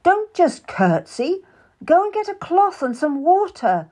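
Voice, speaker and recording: A woman's voice: mid-range voice, expressive, unhurried, a little mellow, husky. A woman playing a scolding older noblewoman. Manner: scolding, scornful. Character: stern older noblewoman, scornful mother.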